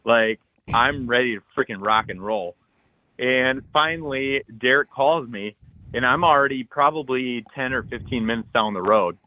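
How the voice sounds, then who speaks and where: A man co-hosting a podcast, telling an excited hunting story full of acted-out quotes and loud bursts. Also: medium pitch, moderate pace, no echo, phone-quality sound. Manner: animated, loud bursts, frequent "like", acts out texts and quotes.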